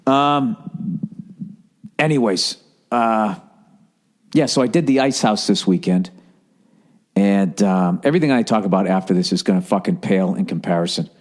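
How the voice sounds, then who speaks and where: A man, talking in a rambling, profane, animated monologue as a podcast host. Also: lowish voice, moderate pace, long pauses. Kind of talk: casual monologue.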